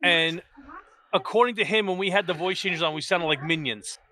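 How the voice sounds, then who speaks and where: Man, bright forceful tone, slightly high voice, animated storyteller, dry close mic, podcast host. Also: brisk, no echo. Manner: animated storytelling full of quoted dialogue. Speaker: podcast panel host and streamer. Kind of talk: casual podcast chat.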